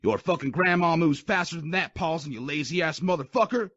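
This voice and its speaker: A man's voice: on the high side, big pitch swings, normal speed, fairly bright tone, slightly rough, no echo, voice pushed up, full character voice. A man voicing a harsh army drill sergeant who barks profane insults and taunts. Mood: bellowing. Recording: dull dry lo-fi recording.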